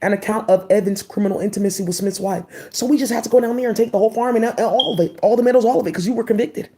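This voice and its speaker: A woman's voice: medium pitch, racing, mellow. A woman vlogger reading old court cases aloud and breaking off into loose, slangy asides. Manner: reads a passage, then reacts in loose slangy asides. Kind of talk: reading aloud with casual commentary.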